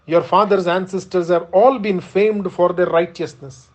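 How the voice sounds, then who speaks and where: A man's voice: sits high, fairly even intonation, normal speed. A man reading aloud as a young prince, grief-stricken and furious, speaking in bitter, accusing reproach. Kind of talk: read-aloud epic narration.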